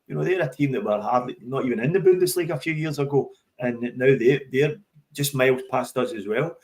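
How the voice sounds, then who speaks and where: A man's voice: medium pitch, brisk. A man talking football on a podcast with emphatic conviction. He often doubles up words as he restarts his sentences. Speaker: podcast co-host. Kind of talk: casual football chat.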